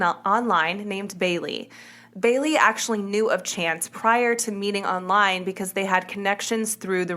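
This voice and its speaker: A woman in the middle of her range tells a true crime case like she is talking with a friend. She is relaxed and chatty, with plenty of "like" and "kinda", and she stops to fix her own words. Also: medium pitch. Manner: chatty, self-correcting, uses "like" and "kinda". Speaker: podcast host. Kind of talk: casual true crime storytelling.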